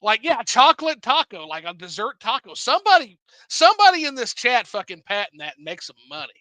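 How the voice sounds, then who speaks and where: A man's voice: very high-pitched, sing-song, a little fast, bright, forceful tone, no echo, poor audio. A man in his thirties from the American Midwest, a drunk livestream host rambling with profanity and many restarts. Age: 30s. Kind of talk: casual livestream chat.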